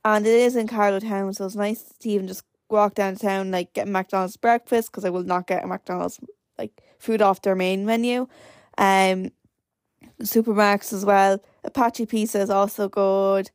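A woman's voice: mid-range voice, steady tone, normal speed, dry recording, studio quality. A nineteen-year-old Irish woman hosting her own podcast, rambling casually with lots of fillers. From Ireland. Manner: rambling, chatty, many "like" fillers. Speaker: podcast host. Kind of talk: casual solo podcast chat.

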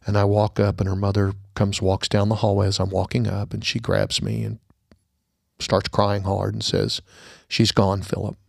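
A middle-aged man hosting a podcast, telling a personal story earnestly and going quiet at the sad parts before a holiday message. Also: fairly low pitch, moderate pace, gravelly, dry recording, clean studio sound. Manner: earnest storyteller, drops to a hushed tone at sad moments. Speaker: podcast host.

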